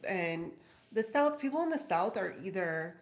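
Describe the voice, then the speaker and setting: A middle-aged woman, a guest on a home live stream, telling travel stories in a lively, chatty way. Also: medium pitch, moderate pace, lo-fi sound. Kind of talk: casual storytelling chat.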